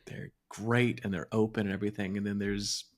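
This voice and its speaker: A male podcast co-host talks casually in a lowish voice, wry and reflective. He thinks out loud, circling back and restarting sentences as his thoughts settle. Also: level tone, a little fast. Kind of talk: casual chat.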